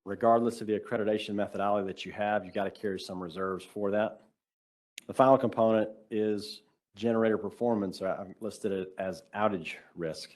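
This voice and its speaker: A man giving a measured, explanatory technical presentation on a video call, in casual phrasing. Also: fairly low pitch, steady tone, darkish tone. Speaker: workshop presenter.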